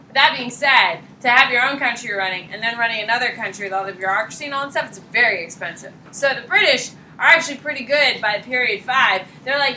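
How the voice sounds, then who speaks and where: A woman teaching a high school history class, quizzing students by name in a blunt, casual way. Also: fast, hardly any pauses, sharp tone. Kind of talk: classroom lecture and questioning. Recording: echoey classroom, distant mic, light noise.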